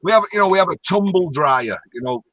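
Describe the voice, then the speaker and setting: A man's voice: high voice, animated, fast talker, fairly bright tone, low-quality recording. A man from the north of England with a strong Lancashire accent, chatting and teasing as a guest on a live stream. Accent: Lancashire English. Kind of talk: casual chat. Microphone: on camera, close.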